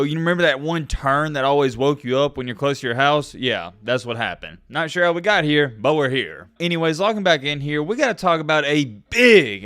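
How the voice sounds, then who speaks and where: A young man hosting a sports opinion vlog, talking in an animated, sarcastic, rambling way. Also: on the high side, dry recording. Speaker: college football YouTuber.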